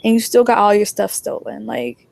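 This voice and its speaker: A woman's voice: medium pitch, moderate pace, gravelly. A young woman telling a story in casual chat, animatedly acting out what everyone said. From New Jersey. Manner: animated, acts out dialogue.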